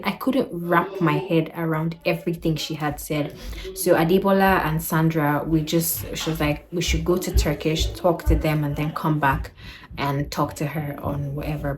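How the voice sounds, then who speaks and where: Low-voiced Nigerian woman telling a story. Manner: animated retelling, acting out quoted voices. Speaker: vlogger. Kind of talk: storytelling travel vlog.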